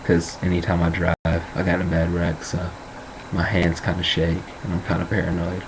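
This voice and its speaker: Deep-voiced young guy joking around. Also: completely flat delivery, moderate pace, background noise. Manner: rambling, joking, boastful. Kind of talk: casual vlog chat.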